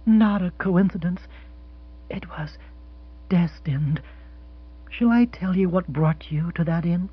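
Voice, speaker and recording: A man voicing a grand, theatrical wealthy widow in an audiobook, dreamy and breathy in her romantic pronouncements. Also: high voice, slow, long pauses, heavily acted. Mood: solemn. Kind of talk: audiobook character voice. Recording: dull lo-fi sound.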